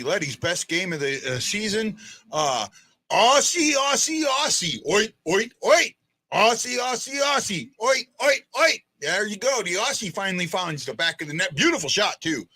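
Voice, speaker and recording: A man hosting a live fan stream, commenting in an excitable, chatty way with frequent restarts. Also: high-pitched, breathy edge. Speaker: fan show host.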